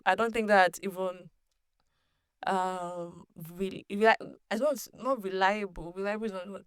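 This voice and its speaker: A woman hosting her own podcast, telling a personal story in a casual, animated way, laughing often and restarting sentences. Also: medium pitch, a little slow, clear, resonant tone, no echo, clean studio sound. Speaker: podcast host.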